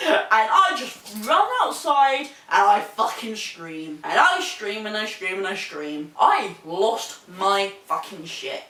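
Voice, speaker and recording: A young woman with a New Zealand accent telling a story in a sweary, animated way, laughing as she goes. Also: fairly high pitch. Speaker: vlogger. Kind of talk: casual storytelling. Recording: echoey room, mic at a distance.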